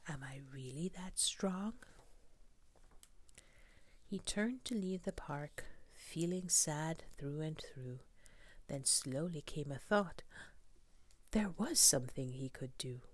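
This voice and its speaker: A woman reading a children's picture book aloud, soft and often whispered, asking the listener questions. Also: deep voice, expressive, slow. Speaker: storybook reader.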